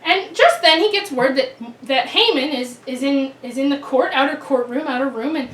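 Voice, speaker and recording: A woman's voice: sits high, normal speed, a little hiss or hum. Chatty woman telling a Bible story to kids. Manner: chatty, animated, many restarts. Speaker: children's Bible teacher. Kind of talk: storytelling for children. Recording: roomy, distant mic.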